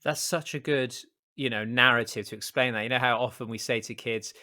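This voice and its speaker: An enthusiastic man hosts a podcast conversation, stressing his points and sprinkling in casual fillers. His voice sits at a middle pitch but has a bright, pushing edge to it. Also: fairly quick. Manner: enthusiastic and emphatic, with lots of fillers like "you know". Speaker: podcast host.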